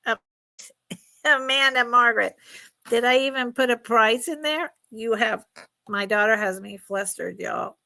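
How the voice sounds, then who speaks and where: Woman host, middle-aged, higher voice, warm chatty live-sale patter. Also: fairly even intonation, normal speed, vocal fry. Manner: chatty, laughing, emotional. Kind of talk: casual live stream selling.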